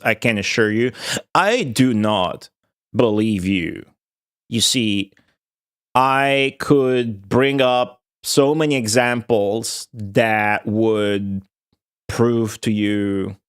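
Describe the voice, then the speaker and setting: A man's voice: medium pitch, smooth. Rambling, profane young man. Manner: rambling, profane, laughing storyteller. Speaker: streamer. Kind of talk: casual rant to stream viewers.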